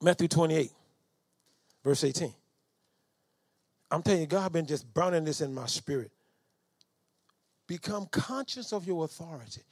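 A middle-aged man preaching a storytelling sermon, swinging from low asides to shouted commands. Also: expressive, normal speed, long pauses, no room sound, clean studio sound. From Southern United States.

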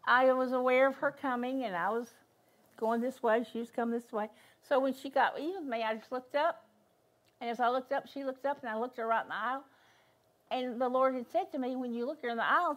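An older woman, a guest minister, preaches a sermon in church in a high-sitting voice, at a moderate pace and with frequent pauses. She tells a story emphatically, repeating key phrases.

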